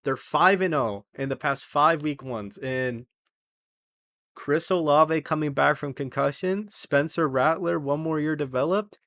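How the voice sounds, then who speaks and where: A man's voice: fairly high pitch, measured pace, fairly bright tone, dry recording. A young man hosting his own sports video, talking casually and rambling through game predictions. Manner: chatty, rambling, self-correcting.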